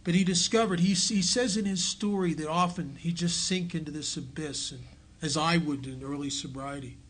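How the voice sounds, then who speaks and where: A man giving a recovery talk at a meeting, telling his story earnestly and dropping to a hush on key lines. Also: fairly high pitch, moderate pace. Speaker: AA speaker. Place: meeting hall.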